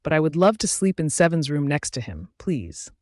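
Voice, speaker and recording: A gentle young woman with scars on her face, soft-spoken and grateful, as a male reader puts her on. She speaks in a rather high, subdued voice in a werewolf audiobook. The recording is close and dry. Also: big pitch swings, moderate pace, dry recording. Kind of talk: audiobook narration.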